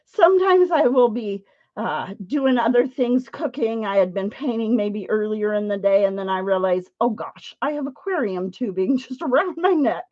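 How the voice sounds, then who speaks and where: Hosting a paint pouring livestream, a woman with a highish, lively voice chats casually with viewers at a normal pace while demonstrating live. She laughs often as she works, and the stream audio is dull and lo-fi.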